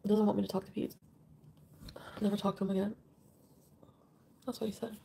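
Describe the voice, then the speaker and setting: A woman's voice: medium pitch, flat delivery, fairly quick, creaky, warm tone, a little hiss or hum. A woman live streaming, reading out viewer comments in an emotional way and swearing often.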